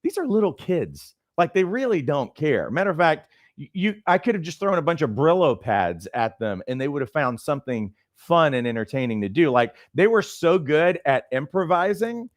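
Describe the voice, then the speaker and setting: A middle-aged man and life coach trainer who teaches through animated, conversational personal stories. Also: on the high side, moderate pace, hardly any pauses, no room sound. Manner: conversational, lots of fillers and restarts, animated storytelling.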